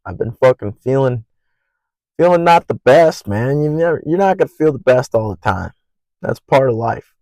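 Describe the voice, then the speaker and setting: A young man hosting his own podcast alone, rambling in an earnest, profane way and naturally loud. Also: medium pitch, animated, moderate pace, dry recording, rough recording. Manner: loud by habit. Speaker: podcast host. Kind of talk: casual solo podcast monologue.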